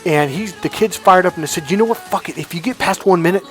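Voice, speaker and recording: A man telling a personal story as a motivational coach, animated and swearing freely, acting out quoted dialogue loudly. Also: high voice, fast, hardly any pauses, soft background music. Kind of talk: casual storytelling monologue.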